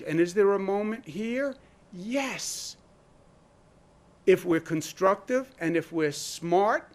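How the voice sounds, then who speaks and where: A man speaking as a governor at a press briefing, emphatic and deliberate, firing off rhetorical questions and pausing to drive his points home. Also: sits high.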